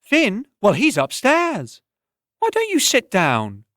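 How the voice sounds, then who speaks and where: A man voicing a brash, impatient tavern singer woman who talks in a sharp, scolding way. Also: very high-pitched, huge pitch swings, slow, no room sound, studio quality, voice pushed up, exaggerated voice.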